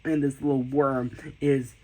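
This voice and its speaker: A man giving a casual tour of his sketchbooks, enthusiastic, often repeating and restarting, with sudden excited squeals. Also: mid-range voice, a little slow, slight background noise, rough recording. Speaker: artist showing his sketchbooks.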